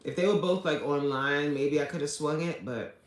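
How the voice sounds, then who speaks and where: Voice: medium pitch, normal speed. An adult livestreamer chatting casually with viewers, greeting them by name and pleading for subscribers. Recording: echoey room.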